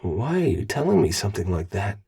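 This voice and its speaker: A man's voice: sing-song, a little fast, gravelly, warm tone, breathy edge, exaggerated voice. A man voicing a nervous young male soldier who whines and pleads. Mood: whiny. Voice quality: higher, pleading, whiny.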